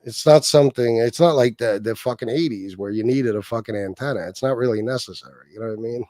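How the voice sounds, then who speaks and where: A man's voice: mid-range voice, quick pace, darkish tone, no echo, studio quality. A man hosting a casual livestream, reading chat comments aloud and mocking someone with heavy profanity. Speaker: livestream host.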